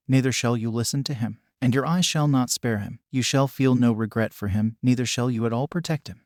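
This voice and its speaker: A man reading scripture aloud as an audiobook, in a steady, measured way. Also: mid-range voice, no room sound, clean studio sound. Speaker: scripture reader.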